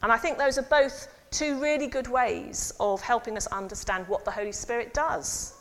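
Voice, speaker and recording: A woman's voice: fairly high pitch, normal speed. Woman preaching in a reverberant church. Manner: lively, interactive with the congregation. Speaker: priest. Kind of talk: sermon.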